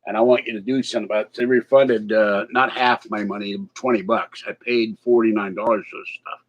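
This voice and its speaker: A man's voice: lowish voice, fairly even intonation, brisk. Rambling, chatty man on a lo-fi recording. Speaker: vlogger. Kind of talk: casual chat to camera. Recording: slightly dull lo-fi sound.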